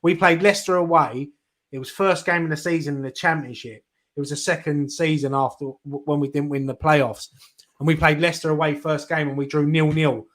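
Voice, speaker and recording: A man's voice: on the high side, fairly even intonation, brisk, fairly bright tone, rough recording. Casting: middle-aged man, raised voice, rambling storyteller with restarts on a fan chat show. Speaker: fan channel host. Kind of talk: casual chat.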